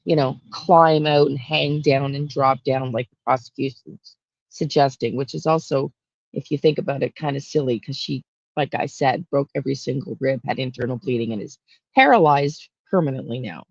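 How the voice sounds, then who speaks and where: A woman talking straight to camera as a true crime intuitive, rambling and halting with lots of fillers and restarts. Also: extremely low pitch, vocal fry, a little mellow, no echo, lo-fi sound. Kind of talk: casual monologue on camera.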